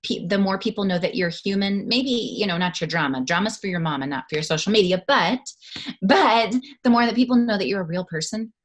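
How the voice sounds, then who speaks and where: Excitable woman in casual chat. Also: medium pitch, a little fast, a little hiss or hum. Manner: excitable, animated, laughs often. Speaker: guest.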